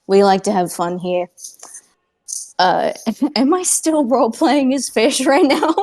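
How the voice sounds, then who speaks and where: A woman with a high-sitting, darkish voice and lively intonation speaks slowly while playing a tabletop game on a podcast. Chatting casually from home with cats nearby, she rambles, pokes fun at herself, and uses plenty of fillers.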